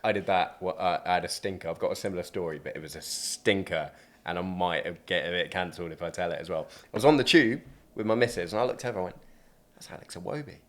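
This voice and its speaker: A man, a podcast guest telling animated stories in casual chat, with swearing and laughs. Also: low voice, fast talker.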